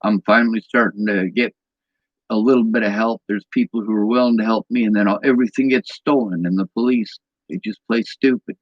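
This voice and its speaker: A man's voice: fairly low pitch, steady tone, brisk, dry recording, highs cut off. A man in an angry personal vlog rant, bitter and agitated, swearing often.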